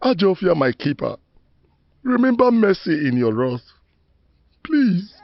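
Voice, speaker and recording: A contrite middle-aged Nigerian rogue praying in grave, proverb-laden oratory. His voice is gravelly, rising and falling widely, on dull, dry film sound. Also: high voice, sing-song, a little slow, no room sound, exaggerated voice. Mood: pleading. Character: remorseful middle-aged rogue begging ancestors for mercy. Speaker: penitent man praying to his ancestors. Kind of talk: Nollywood film acting, solemn monologue.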